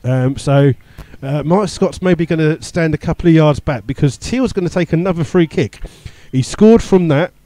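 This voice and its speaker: A man's voice: a little high, normal speed, hardly any pauses, dark tone, no room sound. A man giving live radio commentary on a football match, rattling off play-by-play with the odd filler and chuckle. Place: stadium commentary position.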